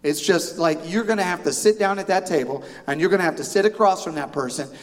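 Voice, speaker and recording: A man's voice: high voice, fast. A middle-aged man preaching a sermon, telling a family story with self-deprecating humor and asides to the congregation. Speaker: pastor. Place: church sanctuary. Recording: long hall reverb.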